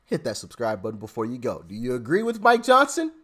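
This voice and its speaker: A man's voice: mid-range voice, huge pitch swings, fast, fairly bright tone. A man hosting a political commentary channel, ranting sarcastically and stammering as he repeats himself.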